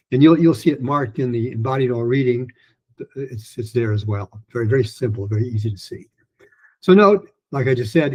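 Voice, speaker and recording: A man teaching a pronunciation lesson in a loose, rambling way, with many restarts, fillers and slowly modeled phrases. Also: mid-range voice, dark tone, breathy edge, poor audio. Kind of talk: recorded lesson talk.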